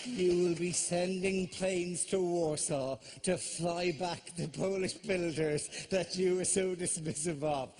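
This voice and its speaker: Fast-talking Irish man doing stand-up. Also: high voice, steady tone, crowd noise. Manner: rapid rambling delivery with shouted panicky asides. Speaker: stand-up comedian. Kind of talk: live stand-up comedy. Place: theatre stage. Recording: live venue with audible audience ambience.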